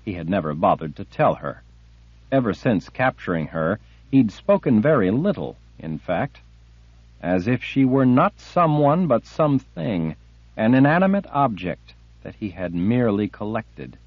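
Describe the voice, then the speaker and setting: A man narrating a fantasy audiobook slowly and expressively. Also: lowish voice, dry recording, dull audio. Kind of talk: scripted narration.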